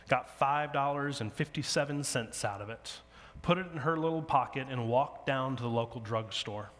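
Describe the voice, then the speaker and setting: A man delivers a sermon in a big hall whose long reverb trails after his words. He tells a story with lively delivery, slipping into the voices of the people in it. His voice sits at an ordinary middle pitch for a man. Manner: animated storyteller acting out dialogue. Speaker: pastor.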